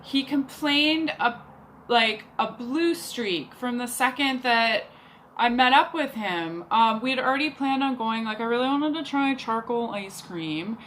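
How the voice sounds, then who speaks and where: A young woman talks fast and loose, full of "like" and exasperated asides. Her voice sits a bit high and sounds bright and forward. A faint background hum sits under her. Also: expressive, poor audio. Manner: chatty, exasperated, heavy use of "like". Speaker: vlogger. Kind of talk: casual storytelling rant.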